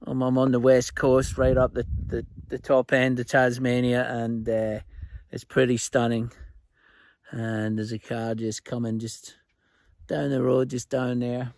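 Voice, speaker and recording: Outdoors beside a remote road, a Scottish man likely in his fifties rambles through jokey stories for his fly-tying vlog. His mid-range voice is monotone, unhurried and a little mellow, with no echo, and his manner stays chatty and casual.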